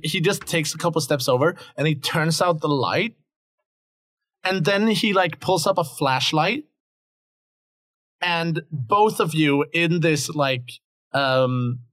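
Male game master. Slow, halting narration, dry close sound. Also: fairly high pitch, fairly bright tone, dry recording.

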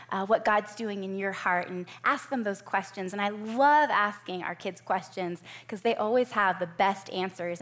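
A woman preaching a sermon in a conversational way, with light self-deprecating asides. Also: on the high side.

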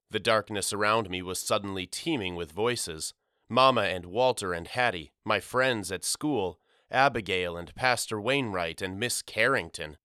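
A man narrating an audiobook in the first person, with measured, somber storytelling. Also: on the low side, bright, forceful tone, smooth, no echo, studio quality.

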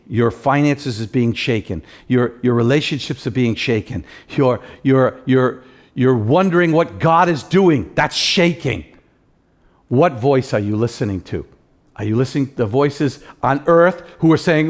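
A man preaching a sermon, pleading earnestly with his listeners and swinging between loud appeals and soft, low passages. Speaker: pastor.

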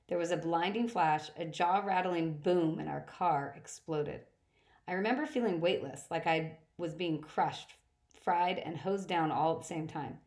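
A woman narrating a first-person adventure story with a fairly low voice. She reads steadily, now and then stumbling and restarting a phrase. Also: unhurried. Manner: steady reading with occasional slips and restarts. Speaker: audiobook reader.

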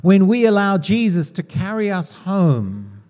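Male preacher, high voice, conversational, quizzes the room. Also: sing-song, measured pace, mellow. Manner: conversational, asks the congregation questions. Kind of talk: sermon.

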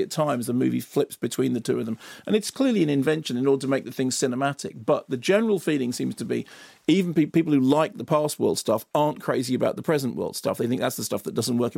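A man's voice: mid-range voice, creaky, darkish tone, no echo. A man, a film critic, talking through a movie review on a radio show in a studio, rambling from point to point with many restarts and asides. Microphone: studio microphone.

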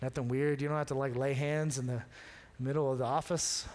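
A man preaching a sermon, telling a story with animated, casual acted-out dialogue. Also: medium pitch, a little fast. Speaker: pastor. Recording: long reverb of a large hall.

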